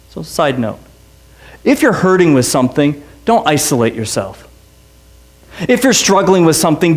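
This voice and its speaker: A pastor delivering a sermon in a notably high voice. He pushes his pitch up further on repeated, emphatic lines, then drops into brisk, chatty anecdotes. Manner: impassioned preaching, voice climbing high on repeated lines; conversational storytelling with quick asides.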